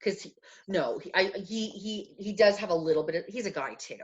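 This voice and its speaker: A woman co-hosting a podcast, chatting casually and telling animated stories about her life. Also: medium pitch, a little fast, lo-fi sound. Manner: chatty, animated storytelling with acted quotes. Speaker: podcast co-host. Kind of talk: casual chat.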